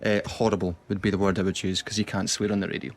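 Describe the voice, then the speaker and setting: A man's voice: low voice, little pitch movement, fast. A man, the show's producer, answering sheepishly and mocking himself on air in a studio. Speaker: radio producer. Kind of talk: casual on-air chat. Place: radio studio.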